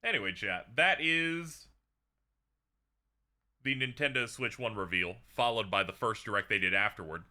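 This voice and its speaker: A man's voice: lowish voice, quick pace, hardly any pauses, sharp tone. A man hosting a stream in casual chat, sarcastic and joking. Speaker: streamer host.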